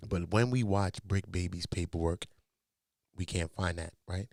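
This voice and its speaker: A man with a Los Angeles accent giving casual, animated commentary, joking in heavy street slang and turning low and serious when explaining. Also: measured pace, gravelly, dry recording, clean studio sound.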